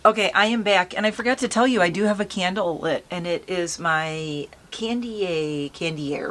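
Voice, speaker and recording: A woman's voice: on the low side, normal speed, hardly any pauses, fairly bright tone. A woman chatting casually with her viewers as she does her makeup outdoors in a light breeze. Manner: chatty, bubbly, talks to viewers while doing makeup. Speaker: beauty vlogger. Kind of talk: casual makeup tutorial chat.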